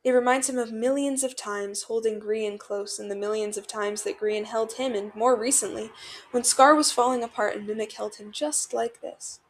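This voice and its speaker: A woman reading fanfiction aloud as narrator in an expressive, dramatic way. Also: on the high side, moderate pace, slight background noise. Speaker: fanfiction podcast reader.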